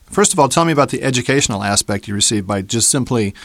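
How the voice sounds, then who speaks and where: A man's voice: medium pitch, expressive, fast talker, a bit bright, dry recording. A man interviewing a musician, asking long questions padded with fillers.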